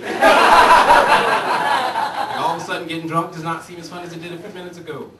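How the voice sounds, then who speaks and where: A man's voice: fairly high pitch, little pitch movement, fairly quick, long pauses, very noisy. A male stand-up comedian on a club stage, ranting in a brash, profane way. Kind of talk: stand-up routine. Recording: roomy, distant club recording, loud audience laughter.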